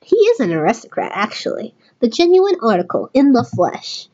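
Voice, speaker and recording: A woman voicing a smooth, flirtatious male pigeon upperclassman in a game, with a shaky put-on New York accent and bits of French. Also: a little high, sing-song, moderate pace, dark tone, muffled recording. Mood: suave.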